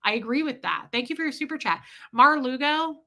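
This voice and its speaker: Bright-voiced woman in her forties. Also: sits high, expressive, fairly quick, few pauses. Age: 40s. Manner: candid, sassy storytelling. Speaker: livestream host. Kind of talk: casual livestream chat.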